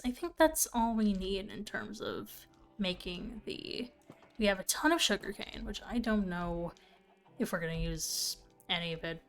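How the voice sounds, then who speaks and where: Young woman, relaxed gameplay streamer, unhurried chatter over faint music. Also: mid-range voice. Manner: chatty, thinking aloud with fillers. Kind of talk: casual gameplay commentary.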